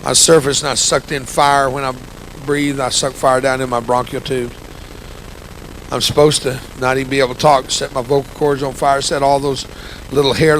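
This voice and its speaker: A man in his sixties with a gravelly, grumpy-sounding voice, giving an impassioned, folksy testimony sermon with humor as a church guest speaker. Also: medium pitch, fairly bright tone, slight background noise, rough recording. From United States. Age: 60s. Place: church sanctuary.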